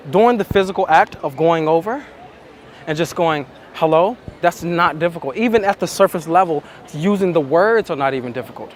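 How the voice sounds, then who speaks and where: Man coaching slowly outdoors. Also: fairly high pitch, animated, a little hiss or hum. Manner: slow, repetitive, emphatic. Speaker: dating coach. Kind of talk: reflective monologue.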